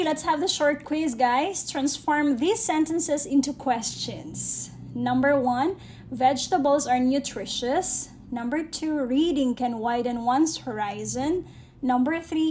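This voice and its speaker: A woman with a Filipino accent teaching an English grammar lesson, speaking slowly and deliberately and checking in with listeners often. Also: high-pitched, a little mellow, slight background noise. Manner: slow and deliberate, often checks in with "okay?" and addresses "guys".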